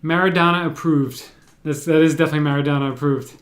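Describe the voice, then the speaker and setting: A man's voice: on the high side, steady tone, quick pace. Laid-back New man. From New Jersey, USA. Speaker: livestream host. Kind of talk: casual livestream chat, reading viewer comments.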